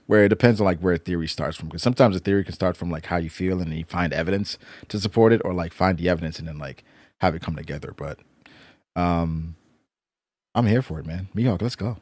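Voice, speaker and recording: A man's voice: low voice, fast talker, darkish tone, no room sound, studio quality. A man co-hosting a casual podcast chat, easygoing and teasing, laughing often. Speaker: podcast co-host.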